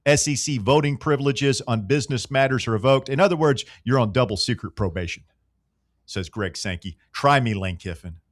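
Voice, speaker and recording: A man hosting sports talk radio with a sarcastic, teasing edge, his voice sitting at an ordinary pitch. The studio sound is dry and close. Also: fairly quick, dry recording. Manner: sarcastic, needling banter.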